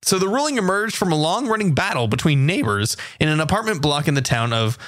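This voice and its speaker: A man's voice: a little high, big pitch swings, fast talker, fairly bright tone, dry recording, studio quality. Playful man reading the news. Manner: playful, reads headlines with exaggerated emphasis. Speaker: podcast co-host. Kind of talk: casual chat, reading news aloud.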